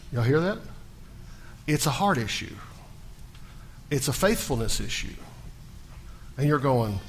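A middle-aged man preaching a sermon as pastor, telling stories and voicing characters with lively emotion. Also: fairly high pitch, unhurried, pauses often, a little hiss or hum. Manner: storytelling with animated panicky character voices.

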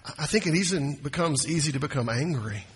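A man's voice: fairly high pitch, expressive, a little fast, breathy edge, big-room sound. A man preaching a sermon in a conversational, folksy way, often restarting his phrases. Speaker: pastor.

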